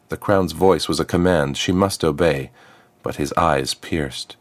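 Low deep guy reading a fantasy story, steady and even, dry close mic. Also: slow, no echo. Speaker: narrator. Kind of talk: scripted fantasy narration.

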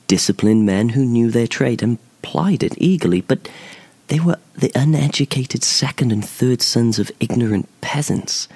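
A man narrating a fantasy short story in a measured, expressive storytelling manner. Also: medium pitch, slightly rough. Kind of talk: scripted narration.

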